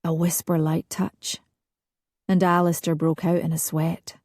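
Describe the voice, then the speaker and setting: A woman narrates a romance audiobook in a soft, intimate, unhurried manner, with a flat delivery. Her voice is somewhat low, mellow, and husky and very slow, heard in a close, dry recording.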